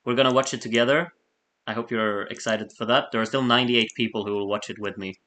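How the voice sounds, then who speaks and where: A man's voice: medium pitch, fairly even intonation, fast, bright, forceful tone. A man hosting a late-night live stream, chatting casually, reading viewer messages aloud and laughing often as he rambles.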